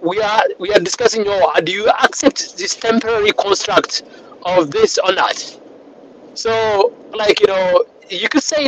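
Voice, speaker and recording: A man's voice: high-pitched, very animated, measured pace, vocal fry, fairly bright tone. A man on a call, rambling with many fillers and restarts while he drives. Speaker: panel participant. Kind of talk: casual discussion on a call. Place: in a moving car. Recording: noisy car call audio.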